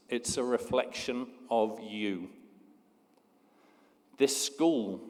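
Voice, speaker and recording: A man giving a measured, earnest speech at a school ceremony, telling a story to the students in a school hall. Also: medium pitch, a little mellow. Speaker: school leader giving an address. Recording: long hall reverb.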